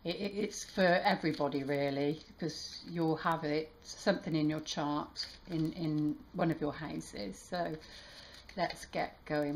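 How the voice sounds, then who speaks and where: A woman tarot reader talking warmly to her viewers, halting and emotional, with many restarts. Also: sits low, steady tone, slight background noise. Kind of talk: casual heartfelt channel talk.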